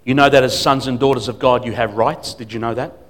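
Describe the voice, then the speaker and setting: A man preaching as a guest speaker at a church service, emphatic, swinging between loud declarations and quiet asides. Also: mid-range voice, steady tone, brisk. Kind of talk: sermon.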